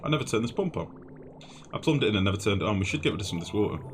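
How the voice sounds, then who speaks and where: With music playing clearly in the background, a young gamer speaks very fast in an expressive, lowish voice. He live-streams his gameplay, talking to his audience flusteredly and making fun of himself.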